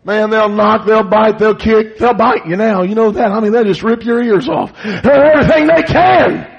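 A man preaching a fiery revival sermon, building to shouts in bursts. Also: high voice, moderate pace, creaky, slightly rough. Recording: dull lo-fi church recording.

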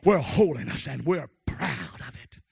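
A male preacher giving a fervent holiness sermon, shouting and calling out to the congregation. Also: fairly high pitch, expressive, measured pace, gravelly, husky, dry recording. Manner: exclaims, shouts and calls out to the congregation.

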